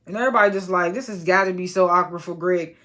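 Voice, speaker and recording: A woman's voice: on the low side, fast, a bit bright. A woman casually recapping a reality TV episode, chatty and slangy, with lots of fillers and exasperated asides.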